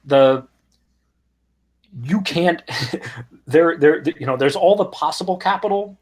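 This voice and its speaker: A man being interviewed as a guest, telling a story in a lively, casual way with frequent ums and restarts. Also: on the high side, slow pace. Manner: animated anecdote teller, frequent ums and restarts. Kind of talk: conversational storytelling.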